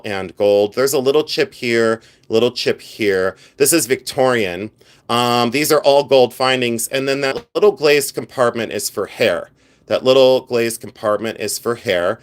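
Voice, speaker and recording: This mid-range voice belongs to a middle-aged Ohio jewelry reseller hosting a live stream. Chatty and animated, he shows off pieces while dropping quick asides and laughing.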